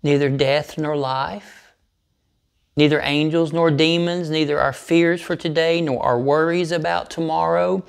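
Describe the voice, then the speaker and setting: A man leading a devotional, reading scripture in an unhurried, measured way. His voice carries a gravelly, creaky edge, and he leans hard on key words with deliberate emphasis. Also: a little high, fairly even intonation.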